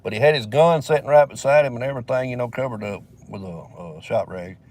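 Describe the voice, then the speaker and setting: A man's voice: medium pitch, fast, darkish tone. A man from Alabama with a Southern accent, telling a long story in a casual vlog, swearing heavily and rambling with fillers, recorded in a vehicle.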